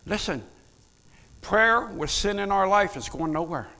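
A male pastor preaches with a high, bright voice, talking conversationally and putting questions to his listeners. The words ring out with the long reverb of a church sanctuary. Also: a little slow. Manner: animated, conversational, asks the audience questions. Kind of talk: sermon. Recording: long reverb of a large hall.

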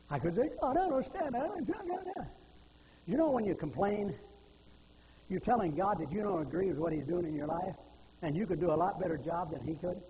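An older male preacher with a high voice delivers a sermon in a church. He moves between homespun storytelling and fervent pleading. The sound carries a long hall reverb and a faint hum of background noise. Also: a little mellow. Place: church sanctuary.

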